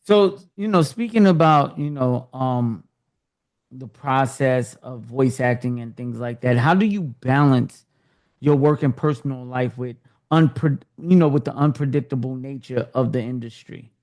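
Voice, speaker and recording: A man's voice: mid-range voice, unhurried, a little mellow. Easygoing male podcast host. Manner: easygoing, hesitant phrasing. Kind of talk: casual interview questions.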